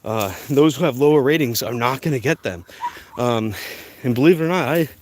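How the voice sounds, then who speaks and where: A man's voice: mid-range voice, fairly quick, a little hiss or hum. A young man talking to his phone camera while walking outdoors, rambling with lots of fillers and restarts. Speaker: vlogger. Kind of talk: walk-and-talk vlog.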